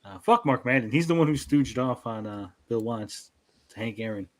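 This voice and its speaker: A man in a casual podcast chat, tossing in quick joking asides and mock-polite impressions. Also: mid-range voice, lively intonation. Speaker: podcast guest.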